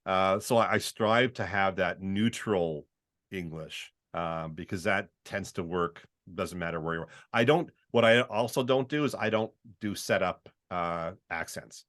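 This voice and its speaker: Middle-aged canadian guy, voiceover artist chatting on a podcast, lowish voice, keeps acting out little voices as he talks. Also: unhurried, fairly bright tone. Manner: chatty, often acts out quoted voices. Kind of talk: casual podcast conversation.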